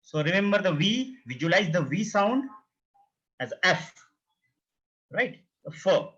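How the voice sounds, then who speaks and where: A man teaches beginners, and he talks slowly and carefully, repeating each word several times. His voice is bright and a little husky and sits somewhat high. The recording is muffled and lo-fi. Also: very animated. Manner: repeats words slowly for learners, drawn-out demonstrations. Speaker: language teacher. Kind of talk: classroom teaching.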